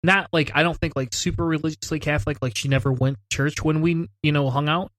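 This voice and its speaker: A man with a fairly high voice tells anecdotes in a loose, laughing podcast chat. He swears casually and gets animated as the stories build. The sound is dry and close. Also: quick pace, no room sound. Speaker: podcast co-host.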